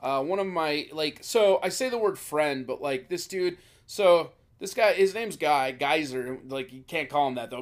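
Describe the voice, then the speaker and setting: A man telling revenge stories on a podcast in a casual, animated, profane way. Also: fairly high pitch, normal speed, few pauses. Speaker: podcast guest. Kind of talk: casual storytelling.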